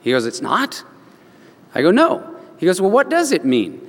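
A man's voice: high-pitched, wildly swooping pitch, moderate pace, long reverb tail. A man preaching a sermon, telling stories and acting out the voices of the people in them. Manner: storytelling, acts out voices in quotes. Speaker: pastor.

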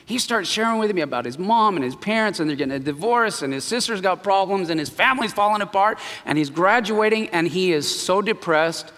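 A man preaching a sermon, telling a personal story with animated swings between quiet and loud. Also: sits high, brisk, hardly any pauses, long reverb tail. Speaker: pastor.

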